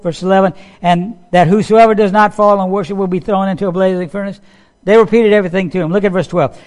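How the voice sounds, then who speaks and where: A man's voice: high voice, brisk, darkish tone. A man preaching a sermon, talking casually to his listeners, acting out quotes and asking them questions. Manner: conversational, acts out quotes, asks the audience.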